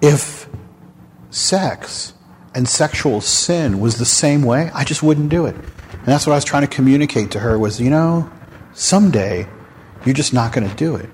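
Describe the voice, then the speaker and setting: A man hosting a candid faith talk show, speaking in a frank, animated storytelling manner. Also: medium pitch, moderate pace, slight background noise. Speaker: host. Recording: long hall reverb.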